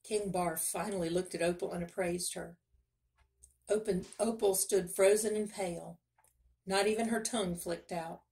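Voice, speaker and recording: A woman reading a children's novel aloud in steady first-person narration. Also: lowish voice, moderate pace. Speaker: reader. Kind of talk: storybook read-aloud.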